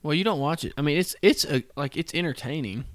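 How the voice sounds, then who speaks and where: A man's voice: a little high, animated, quick pace, fairly bright tone, dry recording. A young man, chatting casually as a podcast co-host and telling a long story with many restarts. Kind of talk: casual chat.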